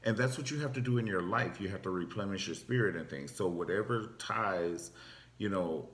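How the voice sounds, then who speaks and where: A low-voiced man with a forceful, tense edge rants through a comedic commentary. He swears freely and swings his pitch wildly for effect. His voice rings in a roomy, echoing space. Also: normal speed. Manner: animated, profane, big pitch swings. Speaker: vlogger and stand-up comic. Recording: roomy echo.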